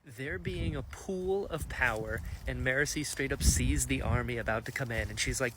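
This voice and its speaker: A man giving a casual, excited reaction recap of a fantasy novel, swearing freely and slipping into quick character voices. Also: mid-range voice, noisy background. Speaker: book reviewer.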